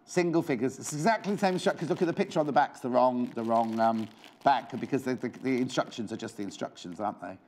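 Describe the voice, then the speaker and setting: A man's voice: mid-range voice, quick pace, a little mellow, a little hiss or hum. A man presenting on a live shopping channel, chatty and rambling, counting down stock and correcting himself as he goes. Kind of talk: live TV sales pitch. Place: TV studio.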